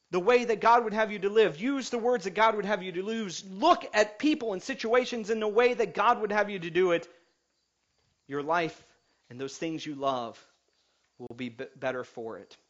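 A man preaching a sermon to his congregation in church, energetic, swinging between loud and soft, with jokes along the way. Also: high voice. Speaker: pastor. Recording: dull lo-fi recording.

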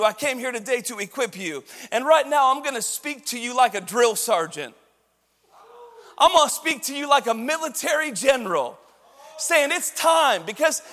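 Guy pastor preaching hard, really high voice, shouts and sings it out, big church hall echo. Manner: impassioned preaching, shouting and sing-song rises. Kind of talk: sermon.

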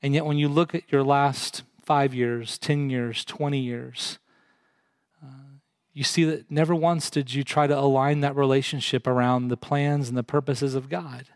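A man's voice: mid-range voice, fairly even intonation, unhurried, no room sound. A man preaching a sermon, earnest, putting direct questions to his congregation. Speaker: pastor.

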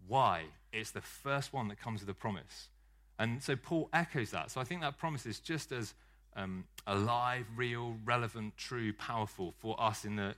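A man preaching a sermon with a bright, forceful voice. He talks to the congregation in a relaxed, conversational way. He mixes jokes and self-deprecating asides into the message. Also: fairly low pitch.

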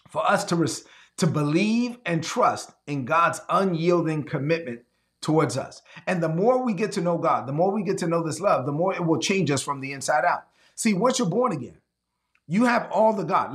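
A man delivers a sermon in a high, gravelly voice. He leans on key phrases, repeats them slowly, and slips into quick acted exchanges to make his point. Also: fairly bright tone. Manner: emphatic, repeats key lines slowly for effect; acts out quick back-and-forth dialogues. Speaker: preacher.

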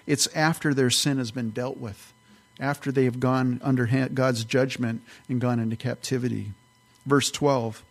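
A man, a pastor, teaching through a Bible passage verse by verse in a conversational, explanatory way. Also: medium pitch.

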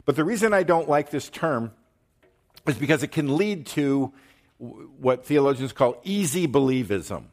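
Male pastor, mid-pitched voice, emphatic sermon delivery with pointed pauses. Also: expressive, a little mellow. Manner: emphatic, pauses to drive points, checks in with "okay?". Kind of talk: sermon teaching.

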